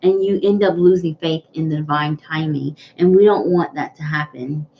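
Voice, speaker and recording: A woman's voice: low voice, moderate pace. Earnest woman reading tarot on a livestream. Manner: earnest, repetitive, greets viewers by name. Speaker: tarot reader hosting a livestream. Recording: dull lo-fi livestream audio with faint noise.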